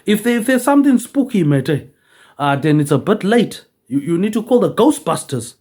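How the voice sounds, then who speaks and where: A man's voice: high-pitched, big pitch swings, moderate pace, warm tone, husky. A man rambling on in a loose monologue, swearing freely and tagging almost every line with "mate".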